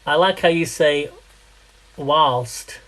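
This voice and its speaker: A man's voice: fairly high pitch, moderate pace, low-quality recording. Chatty man cooking live. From England. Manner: chatty, rambling, laughs often, quizzes viewers. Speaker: live-streaming home cook. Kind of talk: casual live cooking chat.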